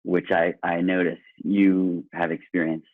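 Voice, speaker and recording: A man's voice: low-pitched, level tone, measured pace, no room sound. A man telling stories in a casual podcast conversation, earnest and enthusiastic. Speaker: guest. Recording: tinny phone-line sound.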